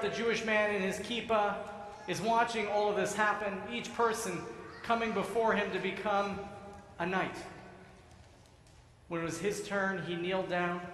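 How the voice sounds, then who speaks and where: A rabbi preaches a sermon in a large synagogue sanctuary, his fairly high voice spreading into a long, echoing reverb. He tells his stories at a measured pace and brings the voices in them to life, with a faint room hum underneath. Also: fairly bright tone. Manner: storytelling, acts out voices, measured.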